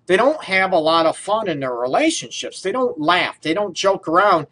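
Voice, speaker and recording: A man's voice: high voice, expressive, normal speed, bright, forceful tone. A man hosting a talk radio show, playful and rambling, laughing often as he tosses out questions. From Detroit area. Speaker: radio show host, counselor. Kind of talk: casual talk radio, chatty.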